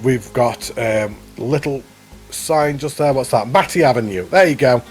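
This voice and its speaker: A man co-hosting a relaxed showcase of contest entries, chatting upbeat and praising each one. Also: mid-range voice, measured pace, soft background music. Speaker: co-host. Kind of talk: casual chat commentary on contest entries.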